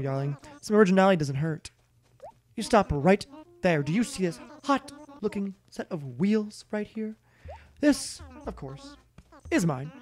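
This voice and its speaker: A man's voice: high-pitched, pitched above the performer's own voice. A man voicing a haughty female giraffe fashion designer from a video game, drawing out every "darling" and rolling his R's. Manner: snooty, drawn-out "darling"s, rolled R's. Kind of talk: reading game dialogue aloud in a voice.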